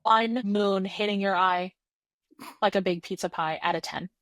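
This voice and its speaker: A young woman co-hosts a podcast in casual, playful chat, acting out scenes as she goes and swearing without a second thought. Her voice sits at an ordinary middle pitch. It is recorded close and dry, with no room sound. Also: fairly even intonation, moderate pace, fairly bright tone, no echo. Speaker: podcast co-host. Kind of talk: casual movie review chat.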